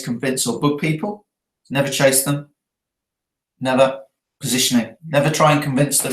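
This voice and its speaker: Man coaching in a roomy echo. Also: mid-range voice. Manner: earnest, checks in with a frequent tag question. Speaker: network marketing trainer. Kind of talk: talking through event notes.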